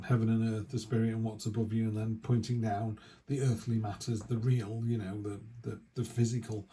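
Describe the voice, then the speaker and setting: Male tarot reader, mellow warm tone, rambling casual delivery with asides. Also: mid-range voice. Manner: rambling, chatty, restarts and asides. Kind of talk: casual weekly tarot reading.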